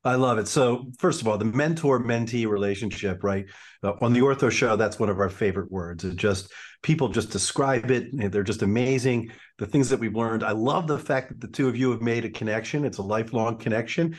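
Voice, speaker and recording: A man's voice: medium pitch, brisk. A man hosting a podcast interview, upbeat and enthusiastic, often repeating himself. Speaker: podcast host, orthopedic surgeon.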